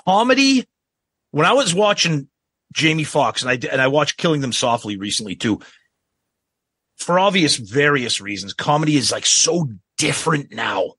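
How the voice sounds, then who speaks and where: Rich: An eager middle-aged man co-hosting a podcast, his voice slightly high and husky. He talks casually and agrees quickly. The sound is close and dry. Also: sing-song, pushed and bright, no room sound. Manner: enthusiastic, quick agreeing replies. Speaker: podcast co-host. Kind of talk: casual chat.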